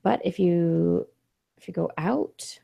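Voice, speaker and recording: Woman cohost chatting about science, bit of vocal fry, dry close sound. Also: lowish voice, takes it slowly, no room sound, dull audio. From Oregon, USA. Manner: chatty, laughs often, trails off mid-thought. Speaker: podcast co-host. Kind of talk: casual chat.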